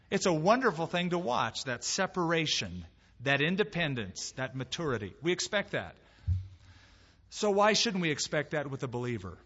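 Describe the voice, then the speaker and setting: A man preaching a sermon as pastor, in a lively, conversational way with emphatic rises and quoted voices. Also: fairly high pitch, slightly rough, long reverb tail, lo-fi sound. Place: church sanctuary.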